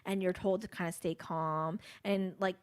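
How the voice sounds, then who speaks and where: A woman's voice: lowish voice, steady tone, moderate pace, clean tone, dry recording. A young woman co-hosting a casual true-crime podcast, laying out the facts bluntly and swearing freely. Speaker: podcast co-host.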